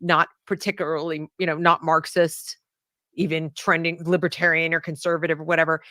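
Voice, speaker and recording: A woman giving video commentary on a clip, talking with halting restarts and sudden emphasis. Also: low voice, flat delivery, pushed and bright, dry recording, clean studio sound. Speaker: online commentator.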